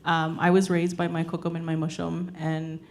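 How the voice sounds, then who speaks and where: A woman panelist sharing a personal family story at a public event, earnest and halting with many fillers. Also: low voice, completely flat delivery, darkish tone. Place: event hall with audience.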